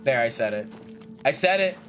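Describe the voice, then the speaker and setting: A man's voice: medium pitch, lively intonation, moderate pace, a bit bright, soft background music. A young man casually commentating his gameplay, chatty and jokey, swearing freely and talking to himself and the game characters. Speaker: gaming video creator.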